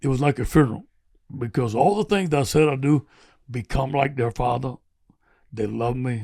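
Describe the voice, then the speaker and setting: An older man with a gravelly voice, telling rambling, animated stories with laughs as a podcast guest. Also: medium pitch, normal speed. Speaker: guest football coach. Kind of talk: podcast storytelling.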